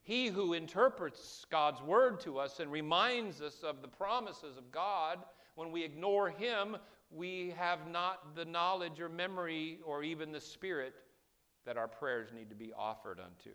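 Male pastor, higher-pitched, preaching with passion that drops hushed then rises loud. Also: measured pace. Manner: impassioned preaching, swinging between hushed and loud. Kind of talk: sermon.

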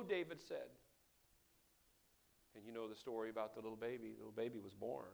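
A man preaching a sermon, swinging from hushed passages to loud outbursts and acting out the quoted characters. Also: medium pitch, fairly quick, vocal fry, pauses often.

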